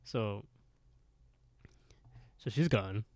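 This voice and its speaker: A man's voice: on the low side, very slow, a little mellow, no room sound. A man co-hosting a podcast, animatedly retelling a story in casual chat and laughing often. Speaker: podcast co-host.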